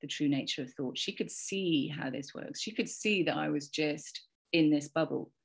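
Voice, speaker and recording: Her voice sits low and moves at a normal pace, slightly rough with vocal fry. She's an Englishwoman in her forties, a podcast guest recounting a rambling, heartfelt parenting story in casual conversation, often repeating words and quoting herself and other people.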